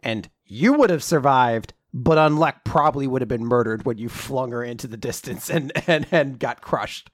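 A man in casual chat, animated and laughing often as he swears and acts out character lines. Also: mid-range voice, moderate pace, few pauses, dry recording, studio quality. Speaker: podcast co-host. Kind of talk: casual chat recapping a comic.

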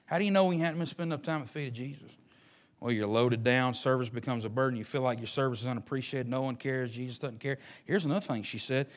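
A man preaching a sermon with passion, rising to loud peaks and dropping to hushed murmurs. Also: mid-range voice, fast talker. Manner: impassioned, swinging from loud rises to hushed murmurs.

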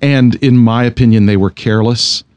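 A man's voice: medium pitch, fairly even intonation, normal speed, darkish tone, clean tone, no room sound. A man co-hosting a podcast in casual conversation, chatty and self-deprecating, laughing often. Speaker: podcast co-host.

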